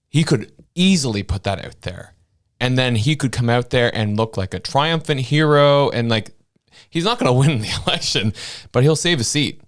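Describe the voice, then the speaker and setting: A male podcast co-host talking politics in a relaxed, loose way. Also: medium pitch, moderate pace. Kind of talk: casual political chat.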